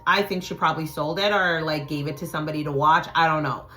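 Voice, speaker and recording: Woman vlogger, middle-aged, low bright voice, profane, tells stories loudly and bluntly. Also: quick pace. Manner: blunt and profane, acts out quotes with sudden loud shouts. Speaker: channel host telling a personal story. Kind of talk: casual storytelling to viewers.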